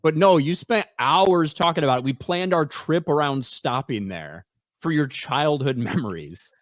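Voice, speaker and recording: Brash, animated man ranting. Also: a little high, normal speed, no room sound, studio quality. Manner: brash, profane, mocking rant. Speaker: podcast host. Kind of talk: casual chat.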